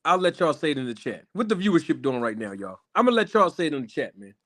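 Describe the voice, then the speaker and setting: A man's voice: a little high, very animated, fast talker, fairly bright tone. Hype man hosting a live stream. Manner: hype, chatty, calls out to the chat. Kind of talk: casual live stream talk.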